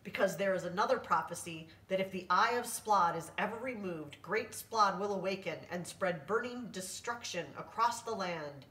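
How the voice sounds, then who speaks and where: A nervous, eager little thin man who talks with quick relief, as a woman reads him aloud. The room echoes and the voice comes from a step back from the mic. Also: mid-range voice, a bit bright, recorded from a distance, natural voice.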